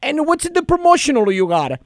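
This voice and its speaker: A man's voice: very high-pitched, big pitch swings, fairly quick, no echo, clean studio sound. A man doing a prank call in a put-on heavy Italian accent, rambling in broken English and mixing up his words.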